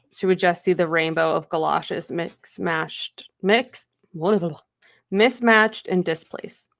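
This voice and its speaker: A woman's voice: on the low side, fairly bright tone, no room sound, studio quality. A woman co-hosting a podcast, casually retelling a novel's chapters with lots of fillers. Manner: chatty retelling with many fillers and acted quotes. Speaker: podcast co-host. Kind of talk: casual book recap.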